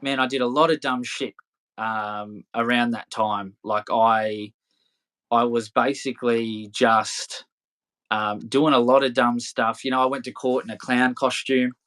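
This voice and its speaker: A man in his thirties, talking as a podcast guest at a mid pitch. His stories ramble and restart, laced with swearing and easy laughter. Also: level tone, a little slow, a bit bright. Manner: loose, rambling, swears freely, laughs often. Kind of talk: casual storytelling interview.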